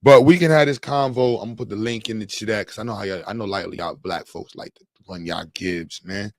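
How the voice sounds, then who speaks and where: A man with a lowish voice hosts a livestream, talking loosely and jokingly in heavy slang. The sound is dry and close, with no room around it. He rambles from thought to thought as he chats with the viewers. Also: a little fast, a little mellow, dry recording. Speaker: livestream host. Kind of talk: casual live chat with viewers.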